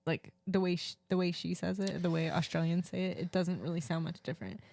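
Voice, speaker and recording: A woman's voice: fairly low pitch, brisk, creaky, darkish tone, no room sound. A young adult woman co-hosting a podcast, chatting casually with friends, laughing often and using lots of "like" fillers. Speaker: podcast co-host. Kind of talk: casual chat among friends.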